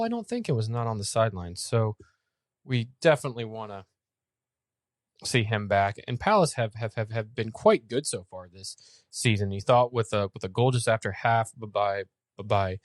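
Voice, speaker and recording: A man's voice: lowish voice, no room sound, clean studio sound. A man co-hosting a soccer podcast in casual chat, often stumbling and repeating words. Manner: stammering repeats, puts on a comic German accent. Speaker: podcast co-host.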